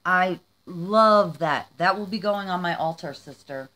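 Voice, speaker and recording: A woman's voice: lowish voice, unhurried, sharp tone. A woman vlogging as she opens gifts, gushing and emotional, crying happy tears. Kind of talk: casual vlog, opening gifts.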